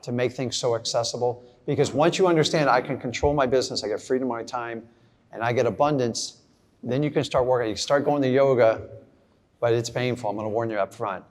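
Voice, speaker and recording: This middle-aged man, a real estate investor, speaks briskly in a medium pitch. He addresses a live audience with a blunt, casual motivational talk and acts out little scenes along the way.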